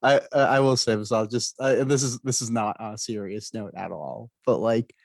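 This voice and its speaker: Sarcastic low-voiced man, dry sound. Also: normal speed, vocal fry, dry recording. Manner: laid-back, sarcastic, often laughing. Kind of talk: casual chat.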